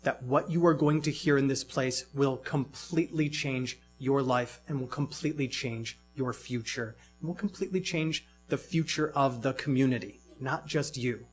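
A man's voice: medium pitch, moderate pace, few pauses, soft background music. A man preaching a sermon in a reflective way, asking many rhetorical questions.

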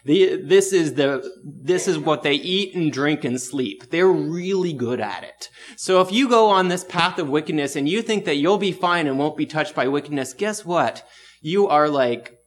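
A man's voice: fairly high pitch, lively intonation, moderate pace. A young man preaching a casual, conversational sermon, telling a story against himself and laughing at his own mistakes.

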